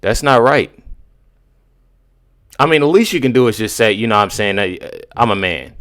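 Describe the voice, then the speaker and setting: A man's voice: lowish voice, lively intonation, moderate pace, a bit bright. Exasperated young man reacting, "bro" every line. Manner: exasperated, repeats "bro" and "y'all". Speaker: YouTube reaction commentator. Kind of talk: casual reaction commentary.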